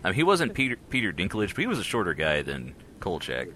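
A man's voice: low voice, quick pace, slight background noise. A man co-hosting a podcast, chatting casually about old shows and cartoon films in a jokey, rambling way. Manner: animated, jokey, rambling with restarts. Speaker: podcast co-host. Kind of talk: casual chat.

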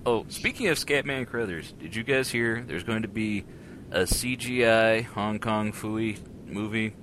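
A man's voice: on the low side, measured pace, noisy background. A man co-hosting a podcast, chatting casually about old shows and cartoon films in a jokey, rambling way. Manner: animated, jokey, rambling with restarts. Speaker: podcast co-host. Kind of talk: casual chat.

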